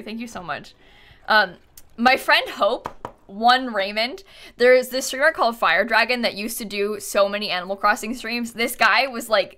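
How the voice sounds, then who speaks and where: A woman's voice: a little high, bright, forceful tone. A woman chatting casually on a live gaming stream, giggling often and thanking viewers as she plays.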